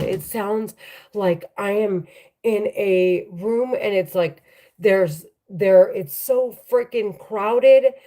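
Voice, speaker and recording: A woman talking to the camera at home, halting and repetitive, often restarting her sentences. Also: medium pitch, warm tone. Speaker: vlogger.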